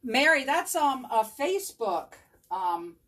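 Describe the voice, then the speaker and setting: A woman with a high, sing-song, slightly bright voice takes her time while running a live chalk craft tutorial at home. Sitting at her craft table with her dog at her feet, she chats with viewers, thinks aloud and answers them by name.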